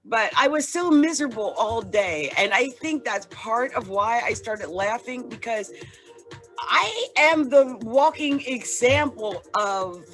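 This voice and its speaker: A woman's voice: a little high, expressive, takes it slowly, fairly bright tone. A woman astrologer hosting her own channel, talking casually and rambling, often breaking off mid-thought. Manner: rambling, self-interrupting. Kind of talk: casual vlog talk. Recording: clear music under the voice.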